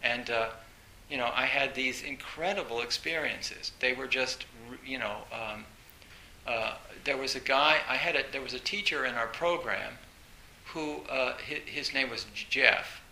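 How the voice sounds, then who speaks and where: Gravelly, bright-voiced man telling stories. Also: mid-range voice, a little slow. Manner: animated storytelling, laughs often, many fillers. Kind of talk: storytelling dharma talk. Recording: roomy echo with faint hiss.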